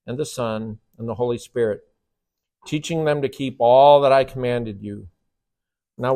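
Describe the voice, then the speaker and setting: A man's voice: mid-range voice, darkish tone. A man teaching a Bible study lesson in an emphatic, conversational way, often checking in with rhetorical questions and taking questions from the class.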